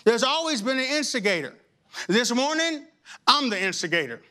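A male pastor preaching a sermon in an animated, humorous and exhorting way. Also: extremely high pitch, normal speed.

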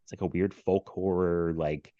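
A man's voice: sits low, fairly even intonation, moderate pace, warm tone, no echo, highs cut off. A man hosting a podcast, chatting casually about movies, rambling with many fillers and frequent laughs. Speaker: podcast host.

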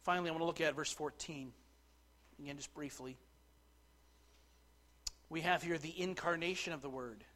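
A man preaching a sermon, dropping to quiet asides and rising to loud, slowed declarations. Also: fairly high pitch. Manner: slows right down to stress key words. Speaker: pastor.

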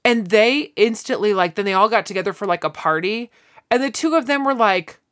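A woman's voice: mid-range voice, a little fast, fairly bright tone. A woman co-hosting a podcast in casual chat, retelling scenes and acting out the characters' lines in quoted voices. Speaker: podcast co-host.

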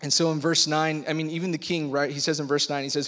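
A young man preaching a casual youth sermon as a youth pastor, energetic and slangy, telling the story with lively animation. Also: fairly high pitch, fast, few pauses. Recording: long reverb of a large hall.

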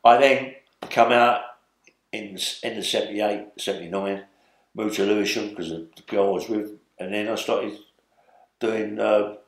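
A London man in his seventies, speaking with a London accent in a low, creaky, fairly even voice at normal speed, is a guest in a storytelling interview. He spins long, rambling stories, ending lines with "yeah?" and "you know what I mean?", and the recording has a roomy echo.

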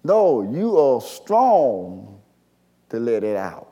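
A man, preaching a sermon, swinging from quiet storytelling to shouted call-and-response. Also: medium pitch, big pitch swings, drawn-out words, dull audio. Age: 60s.

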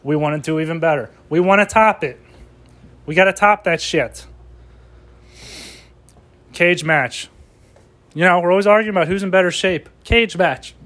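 Man, high voice, excitable, profane comedic rant. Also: normal speed, pauses often.

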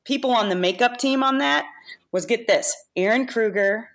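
A woman, a guest makeup artist, telling stories in a casual chat, lively and laughing often. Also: a little high, moderate pace. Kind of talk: casual storytelling.

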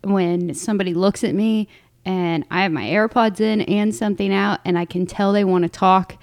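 A woman's voice: mid-range voice, fairly even intonation, normal speed, creaky, darkish tone, dry recording, studio quality. Chatty laughing woman podcast co-host. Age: young adult. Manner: chatty, laughs often while telling stories. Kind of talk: casual chat.

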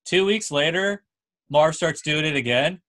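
A young man hosting a casual chat, telling a lively story and checking in with "right?" and "dude". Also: on the high side, unhurried.

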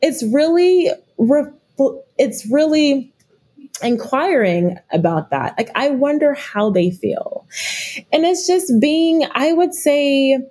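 A woman's voice: high voice, sing-song, slow pace, warm tone. A middle-aged woman speaking as a guest expert in a podcast interview, reflective and often restarting her sentences. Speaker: guest expert, leadership consultant.

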